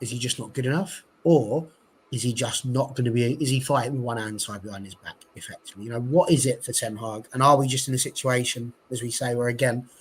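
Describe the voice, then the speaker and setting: A man's voice: medium pitch, breathy edge, poor audio. A man hosting a casual fan chat, musing aloud and posing rhetorical questions to his co-hosts.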